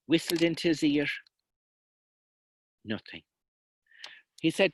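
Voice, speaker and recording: A man from South West Kerry with a Kerry Irish accent, telling a traditional folk tale as a seanchaí, voicing the characters with dramatic swings between loud and hushed delivery. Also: fairly high pitch, moderate pace, long pauses, rough recording. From South West Kerry, Ireland. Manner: lively, dramatic voicing of characters with sudden drops to hushed tones. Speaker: seanchaí storyteller. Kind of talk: traditional oral folk storytelling.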